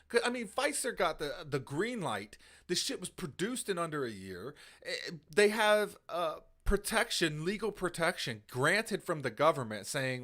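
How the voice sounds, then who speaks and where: A man's voice: on the high side, very animated, a little slow, hardly any pauses, a bit bright. A man hosting a live stream, ranting in a heated, profane, repetitive way. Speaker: livestream host. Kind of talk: angry live commentary.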